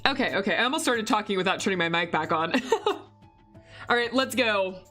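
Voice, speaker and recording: A woman streamer chatting casually with her viewers, slightly hoarse from losing her voice, with frequent giggles. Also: medium pitch, animated, normal speed, bright, forceful tone, soft background music.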